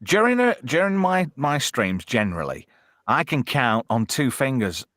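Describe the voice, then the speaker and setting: A man's voice: mid-range voice, sing-song, moderate pace, a bit bright, no echo, clean studio sound. Crude bantering man. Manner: crude, swearing, laughing banter. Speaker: host. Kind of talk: casual chat on a live stream.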